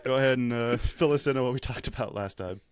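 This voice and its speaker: A man's voice: medium pitch, quick pace, smooth, no room sound. A man hosting a history podcast, talking in an easygoing, wry way. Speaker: podcast host. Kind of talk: casual chat.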